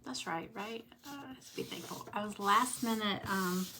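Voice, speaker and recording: A middle-aged woman with a Southern drawl chats at a relaxed, slow pace while working on a craft project. She rambles between thoughts and greets viewers by name, with a faint hiss in the background. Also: mid-range voice. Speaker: craft livestream host. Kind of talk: casual livestream chat while crafting.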